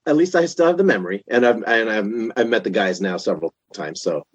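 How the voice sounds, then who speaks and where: A man in his fifties, a podcast guest, telling a long story in a casual, animated way with lots of restarts. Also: lowish voice, fairly quick, husky, dry recording, faint music behind. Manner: animated, chatty, many restarts.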